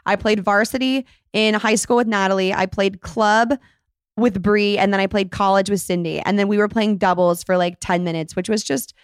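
A woman in her twenties hosting a casual chat, telling stories quickly with lots of fillers. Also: medium pitch, steady tone, smooth, no echo, clean studio sound. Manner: chatty, fast storytelling with many fillers. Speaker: host.

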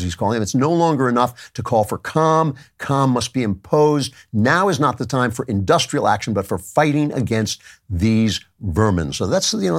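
A man hosting a commentary show, delivering an opinionated monologue with emphatic asides and occasional restarts. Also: mid-range voice.

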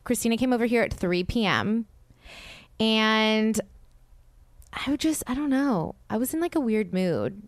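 Animated woman telling a story, smooth voice. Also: fairly high pitch, a little slow, no room sound, clean studio sound. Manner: animated, acts out quotes, swears freely. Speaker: podcast host. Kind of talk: casual storytelling chat.

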